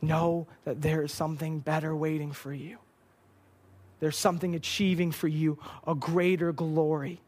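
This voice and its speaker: Earnest young man preaching, slightly high. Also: level tone, moderate pace, a little mellow. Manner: earnest, emotional, repeats words when moved. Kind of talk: sermon. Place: church stage.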